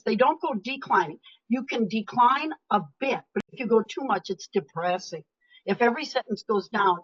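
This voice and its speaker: An older woman giving a webinar talk as a motivational speaker, emphatic and chatty. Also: a little high. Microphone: video call. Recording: lo-fi video call audio.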